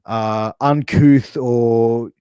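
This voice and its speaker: A man with an Australian accent hosts a casual podcast chat. He quizzes his guest in a playful way and gives sample sentences. His voice sits at a middle pitch and sounds dry and close. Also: fairly even intonation, extremely slow, mellow, clean tone, no room sound. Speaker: podcast host. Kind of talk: casual interview game.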